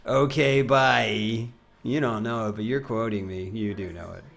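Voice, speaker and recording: Young guy streaming games, gravelly voice, rambly and self-mocking, mumbles off at the ends. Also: lowish voice, fairly even intonation, measured pace, fairly bright tone. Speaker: game streamer. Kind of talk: casual live-stream chat.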